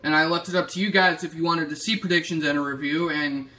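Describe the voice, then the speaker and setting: Bright-voiced man ranting on his vlog. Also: fairly high pitch, fast. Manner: profane, excitable ranting. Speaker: wrestling YouTuber host. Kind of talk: casual prediction vlog rant.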